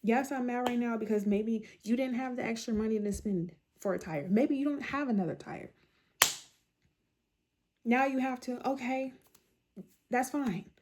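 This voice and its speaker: A woman's voice: fairly high pitch, normal speed, long pauses, heavy background noise. A middle-aged woman giving emphatic, repetitive, direct self-help advice to her viewers. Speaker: mental health content creator. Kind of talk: motivational talk to camera.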